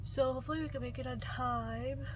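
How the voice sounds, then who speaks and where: A woman's voice: sits high, fairly even intonation, a little fast, noisy background. A young woman in her twenties chatting casually to the camera as a vlogger, giggly and chatty while she is out and about. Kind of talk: casual vlog chat. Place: in a car and outdoors in a park. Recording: music playing behind.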